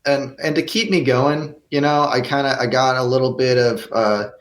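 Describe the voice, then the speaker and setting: A man's voice: medium pitch, fairly even intonation, moderate pace. A young man, an actor, answering interview questions earnestly, often restarting his sentences. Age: young adult. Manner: earnest, with many restarts and stammered repeats. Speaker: guest actor.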